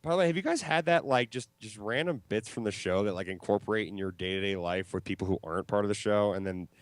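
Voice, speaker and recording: A man co-hosting a casual comedy chat show, rambling and halting with fillers as he calls in from home. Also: fairly low pitch, no room sound. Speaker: podcast co-host. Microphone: home mic over a call link.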